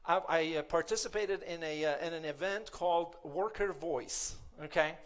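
High-voiced man giving a motivational talk. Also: moderate pace. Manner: conversational, playful, asks the audience. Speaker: keynote speaker.

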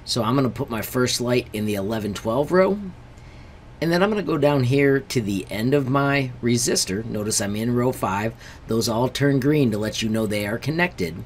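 Step by step, a male teacher takes viewers through a screen-recorded tutorial, keeping things friendly, highlighting warnings, and repeatedly saying "friends." His voice is mid-range, and a little hiss or hum sits underneath.

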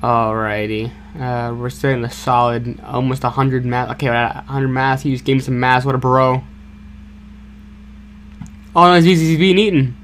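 A young man hosting a gaming channel, giving excitable, jokey play-by-play commentary with stammered repeats and sudden yelps. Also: medium pitch, normal speed, slight background noise. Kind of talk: casual gameplay commentary.

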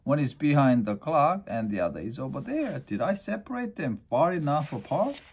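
A man voicing a simple-hearted, literal-minded housemaid in a homey, folksy drawl, a little above his usual pitch. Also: big pitch swings, normal speed, a little mellow, husky, exaggerated voice.

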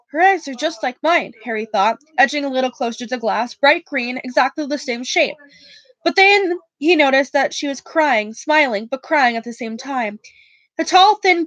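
A woman reads a novel aloud in a casual, unpolished way, stumbling and restarting now and then. Her voice is high and bright. The sound is close and dry. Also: no echo, poor audio. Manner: casual reading with slips and restarts. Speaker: reader.

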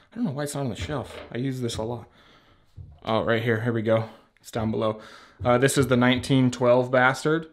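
Filming himself on a handheld camera held out at arm's length, a beard care vlogger shows off products beside a shelf at home. His medium-pitched voice carries a chatty, rambling manner full of laughter and casual curses.

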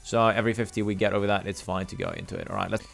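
Excitable young man narrating gameplay. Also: on the low side, racing, vocal fry, faint music behind. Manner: excitable, swears when frustrated. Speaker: gameplay streamer. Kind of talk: casual gameplay commentary.

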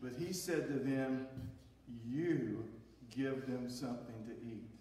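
A man's voice: medium pitch, slow, warm tone, slight background noise. A man preaching a sermon as pastor, rising and dropping for emphasis as he reads and explains scripture. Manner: preaching with emphatic rises and drops. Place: church sanctuary. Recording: echoey hall, voice from far off.

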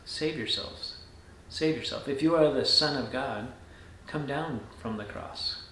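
A man's voice: mid-range voice, a little slow, fairly bright tone. Man reading scripture in an echoey room. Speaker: pastor. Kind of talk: scripture reading and short devotional.

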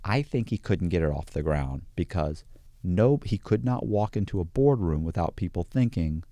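A man talking bluntly in a casual podcast conversation, animated and acting out other people as he explains. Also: deep voice, normal speed, no echo, studio quality. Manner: blunt and animated, acts out quoted voices. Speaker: guest, true crime author.

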